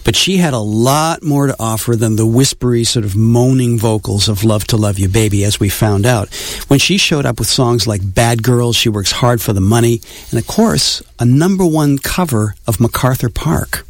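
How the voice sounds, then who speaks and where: A man co-hosting a music show, setting up segments in a lively way and laughing easily. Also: mid-range voice, moderate pace, dry recording. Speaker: co-host. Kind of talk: casual podcast chat and segment narration.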